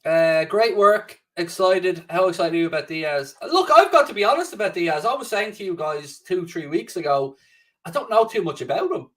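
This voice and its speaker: In a home studio, a man with a fairly high, fairly bright voice hosts a loose, casual live stream. He curses freely and reads out comments from viewers, and he's far from the mic.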